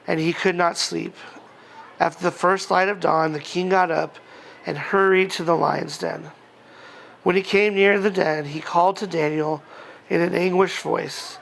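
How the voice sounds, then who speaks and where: High, gravelly male pastor preaching casually. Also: a little hiss or hum. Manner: relaxed, chatty, frequent fillers and chuckles. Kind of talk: casual conversational sermon with scripture reading.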